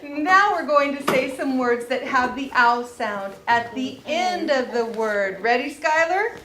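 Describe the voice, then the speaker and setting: A woman teacher leading a phonics lesson for young children, speaking slowly and clearly with steady encouragement. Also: high-pitched. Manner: slow, clearly enunciated, encouraging. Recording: echoey room with steady background noise and clicks.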